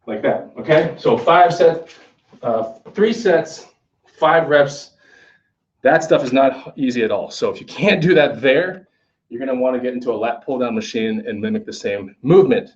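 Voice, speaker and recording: A man's voice: medium pitch, normal speed. A man demonstrating a workout in a gym in a casual, conversational way, often checking in with "okay?". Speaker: fitness instructor. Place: gym, indoors. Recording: echoey gym from far off, dull.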